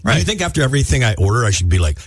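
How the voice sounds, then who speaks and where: A man's voice: medium pitch, husky, dry recording. A male radio host in casual morning show banter, self-mocking and rambling, laughing often, in a studio.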